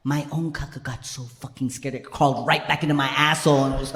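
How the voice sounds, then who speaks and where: Animated man telling a stand-up story. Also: mid-range voice, a little fast, hardly any pauses. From United States. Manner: animated, swings between loud punchlines and hushed whispered asides; chatty, keeps checking in with the crowd. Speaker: comedian and solo performer. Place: live stage before an audience.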